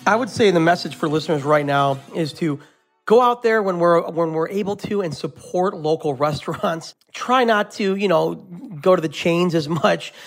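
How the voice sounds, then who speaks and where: Chef guest, male, loose chatty delivery, fillers and chuckles, a bit high-pitched. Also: moderate pace, faint music behind. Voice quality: laughs often, rambling with repeated fillers. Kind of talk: casual interview answers and joke telling.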